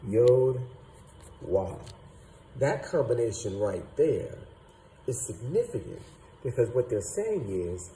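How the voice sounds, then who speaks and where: A man teaching a lesson, slowly sounding out syllables and thinking aloud. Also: mid-range voice, sing-song, dark tone, slight background noise, rough recording. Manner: slow and deliberate, sounding out syllables; thinking aloud, doubting himself. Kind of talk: explaining at a whiteboard.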